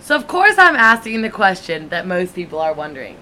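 A woman co-hosting a podcast, chatting casually in a teasing, lively way. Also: on the low side. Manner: teasing, lively, quick laughs. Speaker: podcast co-host. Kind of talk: casual chat. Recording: faint background noise.

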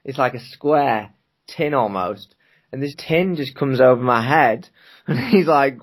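A man's voice: medium pitch, measured pace, slightly rough. A man from Britain, co-hosting a podcast, telling a rambling anecdote and laughing often in casual chat. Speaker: podcast co-host.

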